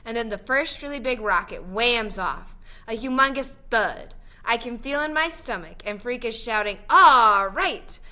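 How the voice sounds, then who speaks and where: Bright-voiced woman reading a novel aloud. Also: a little high, moderate pace, few pauses. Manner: expressive, lively storytelling. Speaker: reader.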